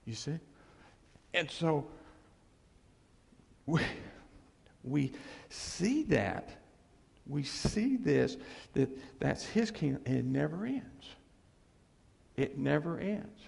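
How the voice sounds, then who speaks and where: A man's voice: a little high, very animated, drawn-out words, creaky, pauses often, darkish tone, slightly rough. A man preaching a conversational sermon in a church hall, repeating phrases for emphasis and checking in with the audience with "okay?" and "see?". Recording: long hall reverb.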